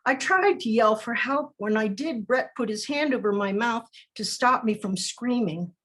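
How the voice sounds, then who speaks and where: A woman poet reading her poems aloud over a video call in a slow, deliberate recitation with measured pauses. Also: on the high side, lively intonation, a bit bright. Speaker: featured poet. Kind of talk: poetry reading.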